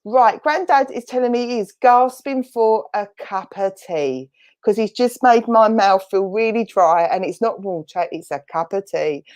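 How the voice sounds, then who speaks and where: A woman's voice: medium pitch, lively intonation, measured pace, darkish tone. A woman with an Essex accent, a spiritualist medium giving a chatty spirit reading in an online church service, thinking aloud as she relays messages.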